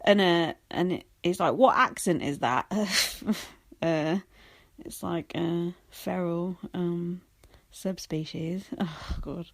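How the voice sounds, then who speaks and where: Young woman podcaster, kinda low voice, snarky and sweary, laughs a lot. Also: steady tone, drawn-out words, vocal fry. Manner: sarcastic, swearing, frequent laughs. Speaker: podcast host. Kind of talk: casual solo commentary.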